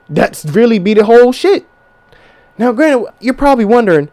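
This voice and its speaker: A man's voice: very high-pitched, big pitch swings, normal speed, darkish tone. A man in his twenties hosting a podcast, giving blunt, profane relationship advice in a casual rant. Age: 20s. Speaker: podcast host.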